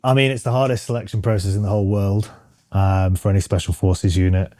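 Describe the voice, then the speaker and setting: A man's voice: lowish voice, fairly even intonation, quick pace, dark tone, no room sound, clean studio sound. A British man in his thirties, a guest in an interview, talking frankly with many ums and restarts. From Britain. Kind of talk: casual interview chat.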